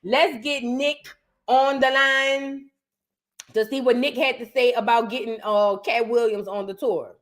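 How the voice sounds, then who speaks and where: High-voiced chatty Southern woman. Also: fairly even intonation, a little slow. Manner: chatty, addresses viewers as y'all. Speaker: host. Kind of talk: casual reaction commentary.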